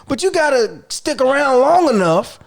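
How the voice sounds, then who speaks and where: Male podcast co-host, high-pitched, blunt and crude, argumentative. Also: very animated, moderate pace, gravelly. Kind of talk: casual chat.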